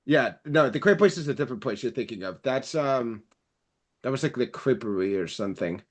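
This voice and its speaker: A man's voice: medium pitch, lively intonation, fairly quick. A man chatting casually at a roundtable, speaking in an ordinary mid-range voice. He rambles along, with plenty of fillers and restarts. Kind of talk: casual chat.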